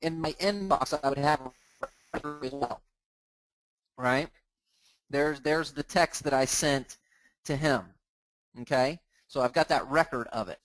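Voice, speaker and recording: A man hosting a live training, talking casually as he clicks through software on his screen and restarting words now and then. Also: fairly high pitch, takes it slowly, pauses often, dry recording, poor audio. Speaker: host of a mortgage training group.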